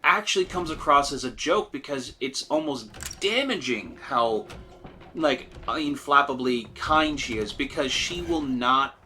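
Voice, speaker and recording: Male let's-play co-host, bright, sharp tone, talkative, puts on quick character voices. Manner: chatty, animated, mimics characters in high voices. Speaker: gaming channel co-host. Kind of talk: casual let's-play chat.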